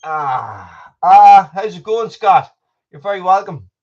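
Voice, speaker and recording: A man's voice: high-pitched, animated, slow, lo-fi sound. A middle-aged Irish man hosting a casual live stream from his home, a little out of breath, rambling and greeting viewers by name. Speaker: livestream host. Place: family home.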